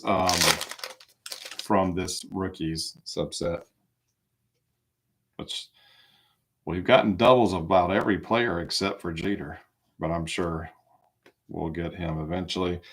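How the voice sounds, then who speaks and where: In a low-pitched voice, a man hosts a live trading card break, calling out each card casually and relaxedly with small asides along the way.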